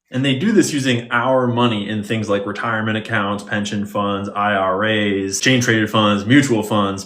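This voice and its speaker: A man's voice: medium pitch, a bit bright. A man giving an explainer monologue as an online commentator, with a wry, conspiratorial manner and sarcastic asides.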